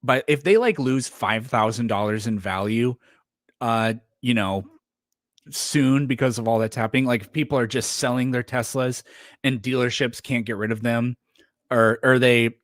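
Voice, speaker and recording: A man's voice: mid-range voice, dry recording, studio quality. A man chatting casually on a livestream, rambling with lots of fillers and restarts. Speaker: streamer.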